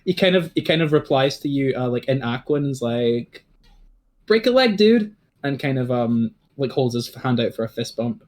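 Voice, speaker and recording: A man's voice: mid-range voice, steady tone, fairly quick, few pauses, darkish tone. Game master for a tabletop game, male, rambling, loose and chatty delivery. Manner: rambling, full of fillers and restarts.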